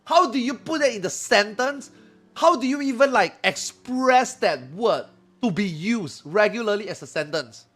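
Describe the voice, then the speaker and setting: A man in his forties chatting casually on a live stream, animated and laughing as he mocks slang. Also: sits high, normal speed, soft background music. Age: 40s. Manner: animated, laughing, mocking slang in comic voices.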